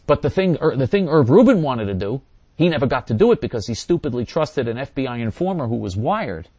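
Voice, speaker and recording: A man's voice: mid-range voice, sing-song, brisk, dark tone, husky, no room sound. An older man hosting a talk radio show, answering listeners in an emphatic, repetitive monologue. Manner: emphatic and repetitive, hammering points again and again.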